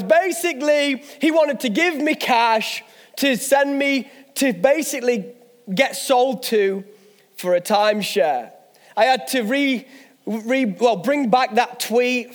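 A man's voice: high-pitched, slow, long reverb tail. A man, a pastor, preaching a sermon, telling stories with self-mocking humor. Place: church hall.

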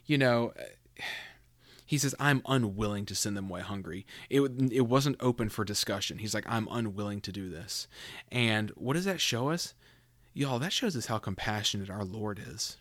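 A man's voice: on the low side, moderate pace, a bit bright, dry recording, studio quality. A man hosting a casual Bible teaching podcast, talking loosely with fillers and restarts as he reads scripture aloud.

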